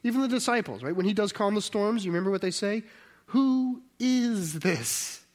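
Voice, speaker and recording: Here the preacher's voice is high-pitched and the delivery very fast. It's a conversational sermon full of rhetorical questions, with the man frequently breaking off to restart or fix what he's saying.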